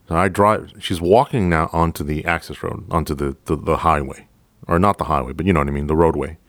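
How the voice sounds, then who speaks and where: Deep-voiced cop telling a story, deadpan. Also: male voice, dry recording. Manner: casual, profane, deadpan storytelling. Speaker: podcast host, police officer. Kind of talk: storytelling podcast monologue.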